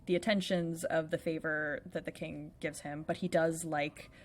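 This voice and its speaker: A woman's voice: low voice, flat delivery, moderate pace. A woman co-hosting a podcast, recapping a play in casual chat with a playful, chatty manner and lots of "like". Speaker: podcast co-host.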